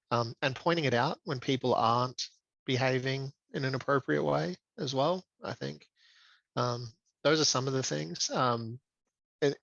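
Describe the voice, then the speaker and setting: A man's voice: mid-range voice, vocal fry, fairly bright tone, dry recording, highs cut off. A man talking as a podcast guest in a reflective, casual way, with frequent ums and restarts. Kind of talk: casual conversational interview.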